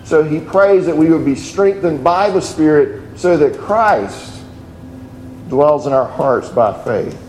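A man's voice: a little high, animated, slow pace, a little mellow, slight background noise. A middle-aged man preaching a sermon, earnest and telling stories with many restarts. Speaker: pastor. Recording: echoey room with faint ambience.

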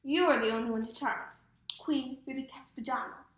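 A woman's voice: high-pitched, fairly quick, lightly acted. A woman voicing a magic talking mirror that declaims its answers to the queen. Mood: flattering. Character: magic talking mirror, flattering then blunt. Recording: roomy echo.

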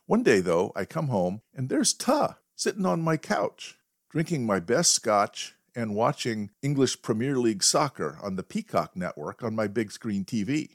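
Man, podcast host, deadpan storytelling, lively intonation, dry close sound. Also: mid-range voice, no echo. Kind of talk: storytelling monologue.

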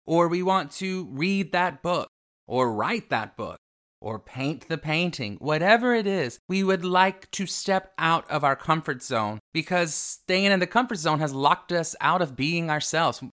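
A man's voice: on the high side, fairly bright tone. A man hosting an upbeat self-help radio show, theatrical and calling listeners darling. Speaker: host.

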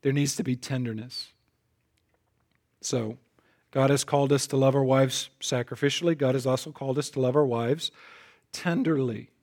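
This pastor keeps a steady tone and normal speed in his sermon, leaving long pauses. He's emphatic, repeats words when starting phrases, and alternates loud, punchy statements with soft asides.

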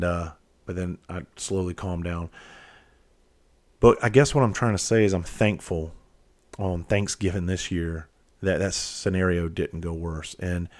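A man with a very deep voice recounts a painful family moment. His telling is candid and profane. He halts and restarts often as the emotion presses in. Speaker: father telling a personal story. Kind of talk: candid personal storytelling.

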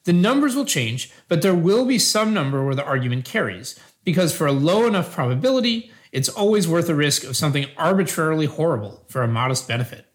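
Reading a scripted philosophical dialogue, this man plays an earnest, measured, patient advocate of utilitarian ethics. He sounds calm, with a slightly high, animated, natural voice.

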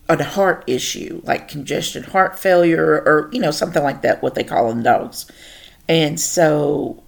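A woman with a lowish, gravelly voice hosts a podcast on her own, chatting and rambling through personal stories in a casual monologue. She swears casually as she goes.

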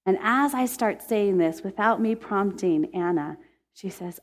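A woman's voice: medium pitch, a little slow. Earnest woman telling a faith story. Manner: earnest, emotive, laughs when excited. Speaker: Christian speaker.

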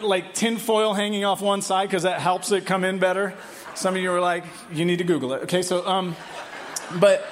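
A male pastor with a fairly high voice delivers a sermon in a church. He tells a personal story in an animated, playful way, mixing in quick asides and laughter. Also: slight background noise. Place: church hall.

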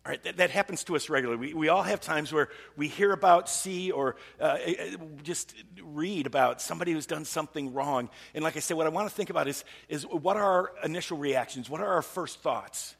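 A man's voice: a little high, fairly quick, vocal fry, few pauses, fairly bright tone, slightly rough. A man preaching a conversational sermon as pastor, putting rhetorical questions to the congregation. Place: church service. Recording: long reverb of a large hall.

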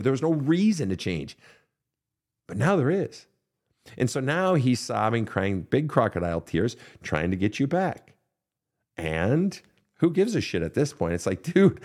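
A man's voice: medium pitch, a little mellow. A man hosting a counseling podcast, answering listener questions in a blunt, profane, direct manner. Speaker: counselor and show host.

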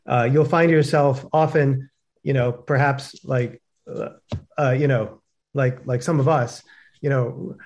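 A man's voice: mid-range voice, fairly even intonation, unhurried, darkish tone. A man talking casually on a webinar, chatty and full of fillers, telling stories with animation. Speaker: co-host. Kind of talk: webinar talk.

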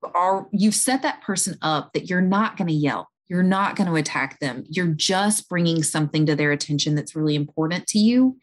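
A woman speaking as an interview guest, calmly explaining and talking through everyday examples. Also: fairly low pitch, moderate pace, hardly any pauses. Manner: calm, explanatory, talks listeners through examples. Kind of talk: conversational advice.

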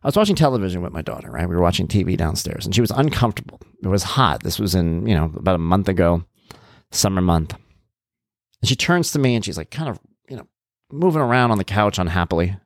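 A man in his thirties talks casually on his podcast. He jumps into a much higher voice whenever he replays his own lines. The sound is close and dry, with no room around him. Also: fast talker, no echo. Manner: animated, jumps to a high voice when quoting himself. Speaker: podcast host. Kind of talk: casual storytelling monologue.

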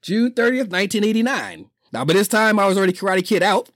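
Man, slightly high voice, dry close sound; lively, profane movie recapper who laughs a lot. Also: fast, no echo. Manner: animated storytelling, laughs often, acts out quotes.

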